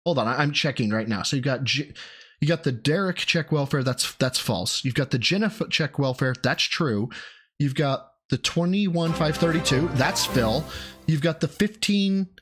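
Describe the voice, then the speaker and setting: A male streamer talks excitedly and quickly, cursing freely. He often stumbles and restarts his sentences as he reads viewer messages aloud. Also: a little high, husky, soft background music. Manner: excited, rapid, profane, with many restarts. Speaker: live streamer. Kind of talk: live stream commentary and chat reading.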